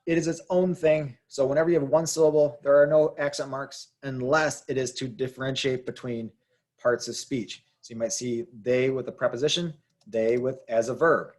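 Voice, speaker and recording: A man teaching Spanish spelling in English, patiently explaining rules and repeating example words slowly. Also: medium pitch, steady tone, a little mellow. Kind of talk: explaining grammar to learners.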